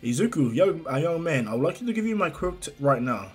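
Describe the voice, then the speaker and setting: A kindly, proud hero mentor speaking heartily to a young student, as a male narrator puts him on. The voice is slightly husky and lively in pitch. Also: fast, soft background music. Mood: hearty.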